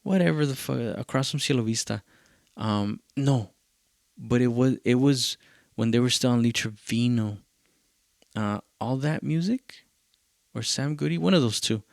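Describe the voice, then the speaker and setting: Gravelly El man telling a story. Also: mid-range voice, unhurried, pauses often, no echo, clean studio sound. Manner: profane, loose, slips into Spanish phrases. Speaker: podcast host. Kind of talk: casual rambling storytelling.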